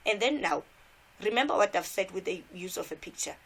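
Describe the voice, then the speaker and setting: A woman's voice: mid-range voice, lively intonation, fairly quick, slightly rough. A South African woman teacher giving an exam revision lesson, repeating key points and asking rhetorical questions.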